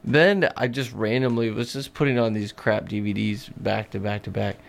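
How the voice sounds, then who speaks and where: A man's voice: fairly low pitch, fairly even intonation, normal speed, creaky. A man chatting casually as a podcast co-host, laid-back and quipping. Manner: laid-back, quips and mimics movie lines. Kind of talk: casual chat.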